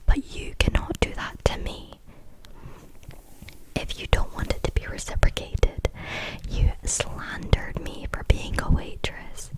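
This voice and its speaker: A woman's voice: slow, rough recording. A young woman, ranting about a bad day at work in a whispered ASMR style, chatty with lots of fillers. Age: young adult. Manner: chatty storytelling with many fillers. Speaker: vlogger.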